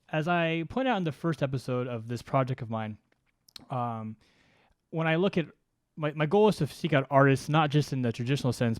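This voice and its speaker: A man's voice: medium pitch, clear, resonant tone, dry recording, studio quality. A young man hosting a casual interview, chatty and rambling with lots of fillers. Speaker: host.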